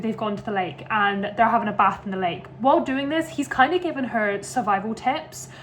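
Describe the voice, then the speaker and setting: A woman's voice: medium pitch, a little hiss or hum. A young woman chatting casually about a book she is reading in her home kitchen, amused and sarcastic. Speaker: book vlogger.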